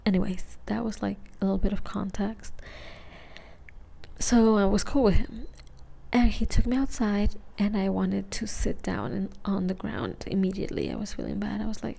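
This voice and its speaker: Young woman, whispered storytime, gravelly dark voice, rambling and slangy. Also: mid-range voice, expressive, normal speed. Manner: rambling, casual, peppered with "like" and swearing. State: high. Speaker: ASMR storyteller.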